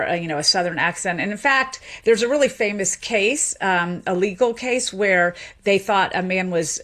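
A woman's voice: mid-range voice, a bit bright. A woman from the American South, a linguist guest in a radio interview, explaining in an articulate way and laughing easily.

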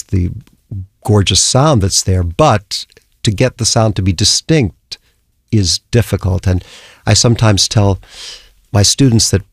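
A man's voice: lowish voice, no echo, studio quality. An older man, a conductor, telling thoughtful stories in a radio interview. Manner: thoughtful, storytelling, puts on voices in anecdotes.

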